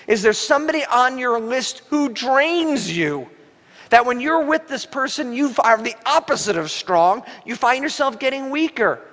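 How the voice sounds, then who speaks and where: A man pastor preaching a sermon, telling stories animatedly and breaking into a coughing fit now and then. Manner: animated storytelling, voice rising high when quoting himself. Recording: long hall reverb.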